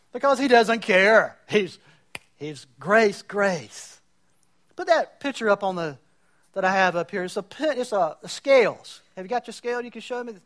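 A pastor delivers a sermon in an extremely high, slightly bright voice. He builds his points and mockingly acts out the voices of people he disagrees with.

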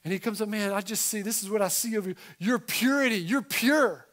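High-voiced animated man preaching. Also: brisk. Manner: animated, emphatic preaching with conversational asides. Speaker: pastor. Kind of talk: sermon.

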